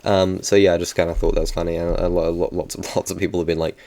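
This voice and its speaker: Deep-voiced young New Zealand guy. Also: little pitch movement, fast talker, few pauses, darkish tone. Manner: rambling, chatty, self-correcting. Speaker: YouTuber. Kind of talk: casual vlog chat.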